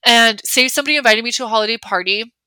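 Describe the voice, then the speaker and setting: Bright-voiced chatty young woman. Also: a little high, racing, clean tone, no room sound. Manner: chatty, many fillers, acts out her own reactions. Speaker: podcast host. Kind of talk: casual solo talk.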